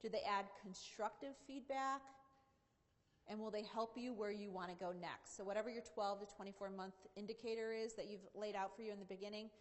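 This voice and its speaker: A woman's voice: medium pitch, fairly even intonation, a little fast. A woman giving a conversational motivational keynote talk at a seminar, often saying "you know". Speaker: keynote speaker. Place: large conference hall. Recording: long hall reverb.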